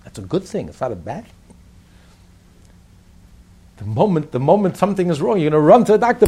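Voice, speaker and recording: A man's voice: on the high side, sing-song, fairly quick, long pauses, warm tone, husky. A man teaching a religious text class in an emphatic manner, repeating his points and asking rhetorical questions. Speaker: Torah teacher.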